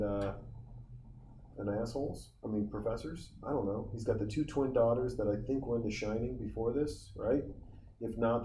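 A middle-aged man from Montana rambles through a casual movie commentary and keeps drifting off topic, now and then swearing. His voice sits a little low and mellow. The room is echoey, with a faint hum of ambient noise behind him. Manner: rambling, profane, easily sidetracked.

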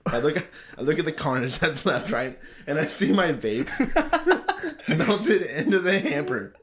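A man's voice: a little high, lively intonation, measured pace, fairly bright tone. Laughing, rambling young man storyteller. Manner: laughing, rambling, swears a lot. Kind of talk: casual storytelling chat.

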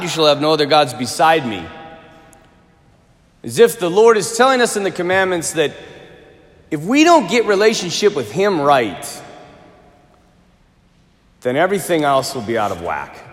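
A man preaching a homily as a Catholic priest, conversational and animated, mixing humor into his preaching. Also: a little high. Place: large church. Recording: reverberant church hall.

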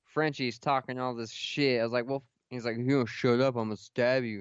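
A man's voice: medium pitch, steady tone, fairly quick, smooth, no echo, muffled recording. A young man hosting a casual podcast, swearing and laughing as he tells stories. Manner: profane, laughing storyteller. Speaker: podcast host.

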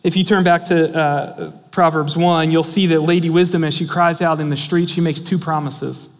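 A man with a high voice preaches a sermon, earnest and emphatic. He keeps pressing his listeners with rhetorical questions. His voice rings with the long reverb of a large church hall. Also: fairly even intonation, moderate pace. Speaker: pastor.

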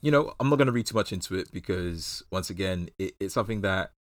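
A man's voice: sits low, lively intonation, quick pace, dry recording. A man with a British accent co-hosting a casual film chat, rambling and often restarting his sentences. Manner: rambling, lots of restarts and fillers. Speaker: podcast co-host.

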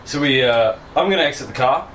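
A man's voice: mid-range voice, lively intonation, fast, a bit bright, slight background noise. A man playing a tabletop game, joking and rambling. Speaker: player. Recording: echoey room, distant mic.

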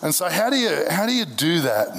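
Male pastor, casual sermon on a stage mic, slightly high voice, chatty and joking, trips over restarts. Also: sing-song, fairly quick, gravelly, a bit bright. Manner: conversational, jokey, with many restarts. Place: church service.

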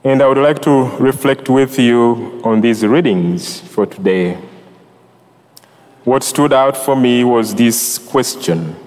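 A Ugandan-accented male priest delivers a sermon at an unhurried pace. His voice sits at an ordinary pitch and carries a long reverb from the church around him. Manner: slow, warm-hearted address with soft laughs and measured pauses.

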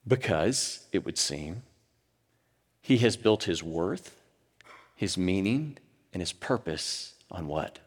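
Dynamic preacher in a reverberant hall. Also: male voice, deep voice, expressive, slow pace, long pauses, slightly rough. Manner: dynamic, swinging from loud bursts to hushed near-whispers. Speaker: pastor. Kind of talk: sermon.

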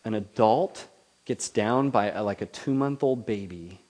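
A man preaching a sermon in a lively manner, swinging between loud declarations and soft, quiet asides, then leading a prayer. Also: fairly low pitch, measured pace. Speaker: pastor.

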